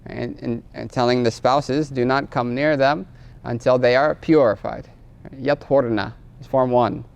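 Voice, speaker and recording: Male teacher, classroom lecture, gravelly edge, keeps asking "right?". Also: mid-range voice, measured pace. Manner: tags phrases with a questioning "right?"; explains patiently, quizzes the class. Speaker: teacher of Islamic law.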